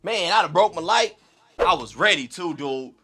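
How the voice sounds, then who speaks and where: A man hosting a reaction video, talking in an animated, slangy, excitable way. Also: on the high side, normal speed, husky. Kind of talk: casual reaction commentary.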